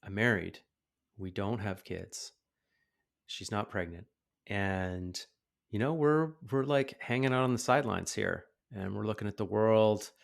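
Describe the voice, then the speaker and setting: A man's voice: lowish voice, a little slow, vocal fry. A man in his thirties hosting a podcast, telling a story in casual conversation and acting out the people in it. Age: 30s. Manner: animated storyteller acting out quoted voices. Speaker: podcast host.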